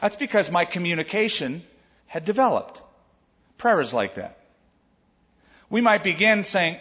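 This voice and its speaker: An older man preaching a sermon as pastor, in a conversational, animated way with asides to his listeners. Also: sits high, measured pace, long reverb tail, dull audio.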